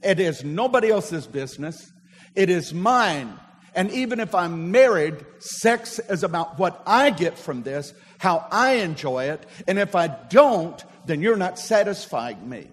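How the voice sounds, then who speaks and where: A man preaches a sermon from the pulpit. His voice sits high, and he draws the congregation into call-and-response. His words carry with a long, lingering reverb through the church. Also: very animated, measured pace. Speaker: pastor. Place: church sanctuary.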